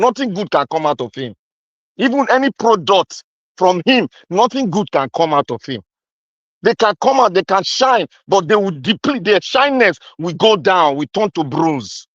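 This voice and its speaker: A man's voice: sits high, big pitch swings, moderate pace, a bit bright, dry recording, muffled recording. Man, Nigerian accent, heated accusing rant, pidgin phrases, dry close sound. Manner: angry, accusing, repetitive; mixes in pidgin. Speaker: commentator. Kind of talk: impassioned political rant.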